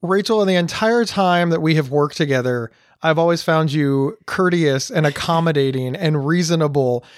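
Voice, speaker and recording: A man's voice: a little high, normal speed, hardly any pauses, dry recording, clean studio sound. A man hosting a podcast, talking earnestly in a casual way, often restarting his words. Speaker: podcast host.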